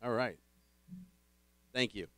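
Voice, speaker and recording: Speaking slowly in a mid-range voice that sounds pushed and bright, a man hosts a public dinner forum. He cheerfully greets the dinner audience, explains the ground rules and presents the panelists, with no echo present.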